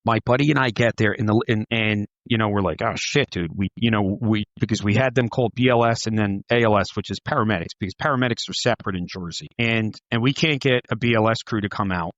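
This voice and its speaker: A man's voice: on the low side, fast talker, hardly any pauses, fairly bright tone, dry recording, lo-fi sound. A man, a former police officer, telling stories in a rambling casual chat, swearing and saying "like" and "dude" a lot.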